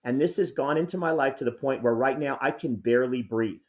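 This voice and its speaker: A man's voice: medium pitch, brisk. A man in his sixties, a podcast co-host, delivering a rambling, mock-angry comedic rant. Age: 60s.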